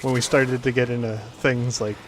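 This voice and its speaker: A man's voice: mid-range voice, level tone, normal speed, noisy background. A man hosting a casual gameplay commentary, rambling with lots of fillers. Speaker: gaming video host.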